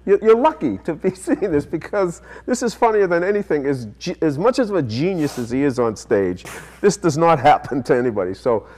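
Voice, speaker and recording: Lively man host, laughing as he talks. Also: fairly high pitch, fairly quick. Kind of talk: casual chat.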